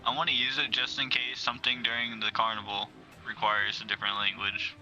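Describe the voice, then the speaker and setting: A man's voice: fairly low pitch, little pitch movement, a little fast, pushed and bright, faint music behind, poor audio. A man playing a tabletop game, asking offhand questions about his spells. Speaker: player. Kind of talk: casual tabletop play.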